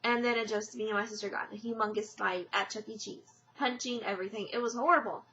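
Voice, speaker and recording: A woman's voice: fairly high pitch, steady tone, quick pace, sharp tone. A young woman vlogging casually, telling a story in a rambling way with many fillers and restarts. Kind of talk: casual personal vlog. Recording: lo-fi dull webcam audio.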